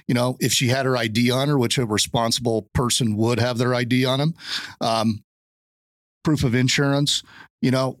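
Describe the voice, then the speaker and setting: A man hosting a casual chat, speaking in a measured way and stating firm opinions. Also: medium pitch, steady tone, no room sound.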